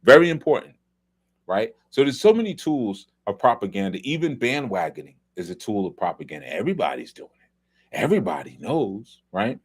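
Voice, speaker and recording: A man's voice: on the low side, big pitch swings, normal speed, breathy edge. A middle-aged man from New York, hosting a loose, conversational film commentary talk with many asides. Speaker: host.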